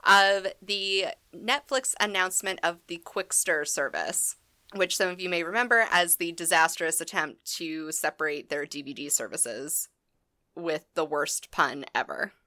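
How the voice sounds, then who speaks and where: Bright-voiced sarcastic woman podcaster. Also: on the low side, measured pace, no echo. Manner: laughing, swearing, dry sarcasm. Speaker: podcast co-host. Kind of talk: sarcastic casual chat.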